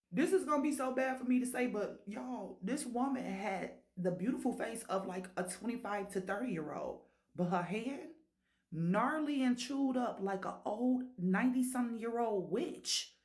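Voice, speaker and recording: A woman's voice: fairly high pitch, animated, normal speed. Brash, profane woman telling a ghost story. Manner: brash, profane and dramatic, with sudden loud outbursts. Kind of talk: casual storytime monologue. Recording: roomy echo.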